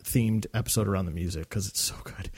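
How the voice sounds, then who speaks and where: A man's voice: deep voice, quick pace, darkish tone, slightly rough. A man co-hosting a fan podcast, talking enthusiastically with many fillers and restarts. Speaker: podcast co-host. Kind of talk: casual fan podcast discussion.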